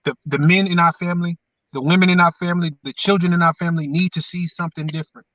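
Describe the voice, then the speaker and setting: A man's voice: high voice, fairly even intonation, quick pace, a bit bright, no echo, recorded from a distance, highs cut off. A man, co-hosting and talking in an emphatic, repetitive, preacher-like way. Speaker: podcast co-host. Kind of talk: motivational casual chat.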